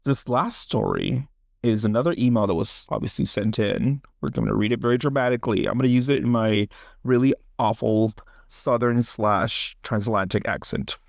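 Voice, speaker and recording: A man co-hosting a horror podcast, chatting casually and reading a listener story aloud with theatrical pauses and jokey asides. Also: mid-range voice, gravelly, dry recording, clean studio sound. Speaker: podcast co-host.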